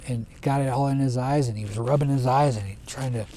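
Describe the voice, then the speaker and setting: A man retelling a traditional folk tale in a relaxed, conversational way, often restarting his phrases. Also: mid-range voice, fast, a little hiss or hum. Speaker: storyteller. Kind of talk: casual oral storytelling.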